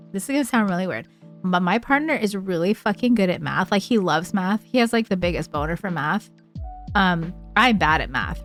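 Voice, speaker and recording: A woman's voice: medium pitch, fairly bright tone. A woman live streamer chatting casually with her viewers, frank and chatty, swearing freely and using lots of filler words.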